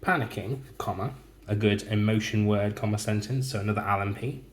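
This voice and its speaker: Male teacher, low-ish voice, slow and deliberate, dictates writing while typing, faint hiss behind. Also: fairly even intonation. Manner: slow, deliberate dictation, speaking punctuation aloud.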